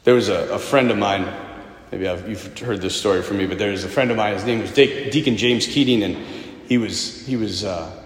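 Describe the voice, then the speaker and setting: Preacher man in an echoey hall. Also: fairly quick. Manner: storytelling, swings from loud emphatic to low hushed. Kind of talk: sermon. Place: parish church.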